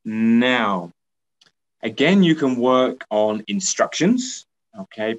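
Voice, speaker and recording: A man leading a teacher training workshop who speaks patiently, repeats himself and keeps checking in with "okay?". He also acts out lively praise the way a teacher would give it to pupils. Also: medium pitch, slow pace, dull audio.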